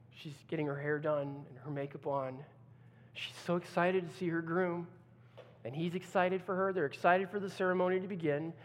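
Male pastor delivering a dramatic sermon with acted-out quotes, in a church sanctuary with a long hall reverb. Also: fairly high pitch. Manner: dramatic, acts out quoted voices, swings from loud to hushed.

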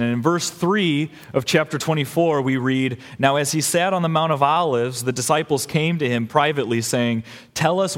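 A man's voice: mid-range voice, fairly bright tone. A young adult man preaching a sermon as pastor, earnest and emphatic, building in intensity. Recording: long hall reverb.

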